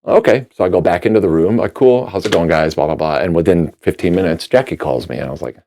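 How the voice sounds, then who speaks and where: A man from Minnesota, a musician guest on a podcast, telling a story with lively acted-out dialogue. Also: sits low, quick pace, a little hiss or hum. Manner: animated storyteller acting out quoted dialogue.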